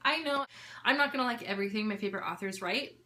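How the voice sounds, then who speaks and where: A woman's voice: medium pitch, quick pace, bright, forceful tone. A young woman vlogger giving a casual, candid book review, talking in a chatty way with lots of fillers.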